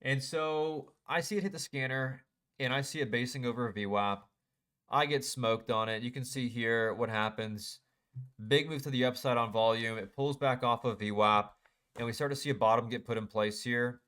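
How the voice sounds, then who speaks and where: A man's voice: medium pitch, fairly even intonation, moderate pace, a bit bright. Man, young adult, trading recap vlog, mid voice, self-critical and irritated with his losses. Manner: self-critical, frustrated, talks through chart mistakes. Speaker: day trader. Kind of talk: casual screen-share trade recap.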